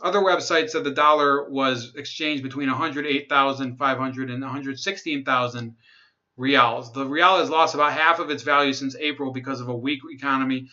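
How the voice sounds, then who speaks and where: A man's voice: mid-range voice, fairly even intonation, normal speed, bright, forceful tone, highs cut off. A young man hosting a livestream, reading news articles aloud and breaking off for sarcastic asides and chat comments. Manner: sarcastic, laughs at own jokes, reads chat comments. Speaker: livestream host.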